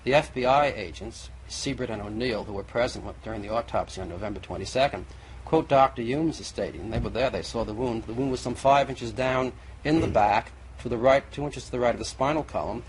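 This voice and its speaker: A man's voice: mid-range voice, fairly quick. A man arguing as a guest in a televised debate, insistent and methodical, in an old TV recording. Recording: faint noisy old TV recording.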